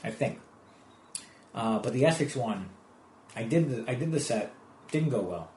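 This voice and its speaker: A Canadian comedian in casual podcast talk, rambling through stories with lots of restarts. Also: male voice, mid-range voice, lively intonation, moderate pace, warm tone, slight background noise. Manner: rambling storyteller with many restarts. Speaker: guest comedian. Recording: echoey room.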